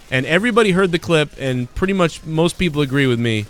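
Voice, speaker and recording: A man's voice: on the high side, animated, fast talker, clean tone. A man chatting casually on a gaming live stream, rambling and getting heated as he retells an argument.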